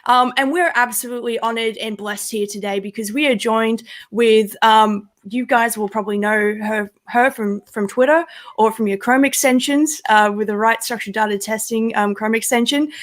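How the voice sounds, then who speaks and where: A woman's voice: fairly high pitch, fairly even intonation, moderate pace. An Australian woman co-hosting a livestreamed webinar, bubbly and effusive with lots of ums. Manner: bubbly, effusive, many fillers. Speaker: co-host.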